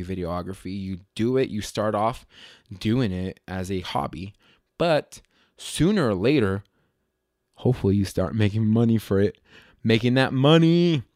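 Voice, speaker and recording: A man hosting his own podcast in a loose, rambling way, correcting himself often and filling pauses with ums. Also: lowish voice, no room sound, clean studio sound. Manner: rambling, self-correcting, lots of fillers. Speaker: podcast host. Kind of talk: casual solo podcast chat.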